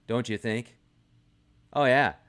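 A man's voice: mid-range voice, slow pace, smooth. A man vlogging from a garage in a rambling, sarcastic casual rant to camera. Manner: animated, rambling, sarcastic asides.

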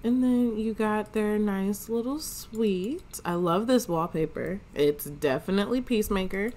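A woman's voice: medium pitch, measured pace, dark tone, slight background noise. A woman, giving slangy, chatty commentary as she plays a life-sim game. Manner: chatty, slangy, narrates characters' thoughts. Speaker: gaming channel host. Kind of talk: casual let's play commentary.

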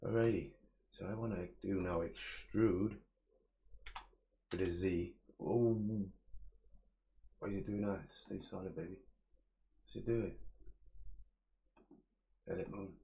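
A man's voice: deep voice, fairly even intonation, unhurried, creaky, long pauses, mellow, highs cut off, a little hiss or hum. A young man giving a casual live-stream modelling tutorial, muttering his steps aloud, chatting with viewers in slang and swearing freely. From England.

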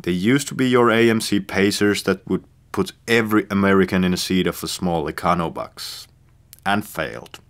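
A man's voice: low-pitched, moderate pace. A man, a car reviewer and host giving dry, tongue-in-cheek scripted narration. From Finland.

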